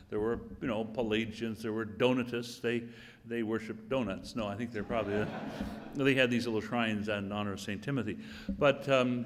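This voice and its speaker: Older man, cardinal, informal address, wry humor, reflective, long hall reverb. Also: lowish voice. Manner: reflective, with dry humorous asides. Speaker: cardinal giving opening remarks. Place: church hall or chapel setting.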